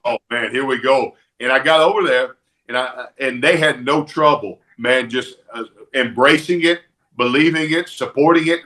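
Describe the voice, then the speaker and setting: A man from Alabama with a Southern accent, a podcast guest telling animated anecdotes in casual chat. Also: mid-range voice. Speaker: podcast guest, former wrestler.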